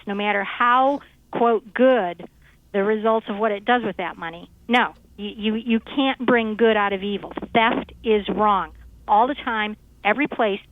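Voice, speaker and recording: A woman's voice: a little high, no echo. Fiery woman on a tinny phone line. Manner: fiery, emphatic, preachy. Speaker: radio show guest. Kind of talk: impassioned call-in talk.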